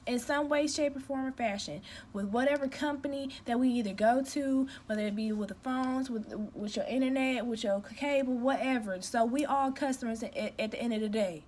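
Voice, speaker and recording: A young woman with a high voice rants straight at the camera, blunt and emphatic. She talks casually from home, venting in a direct, no-nonsense manner. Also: brisk, hardly any pauses, a little mellow, slight background noise. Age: young adult. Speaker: customer care representative.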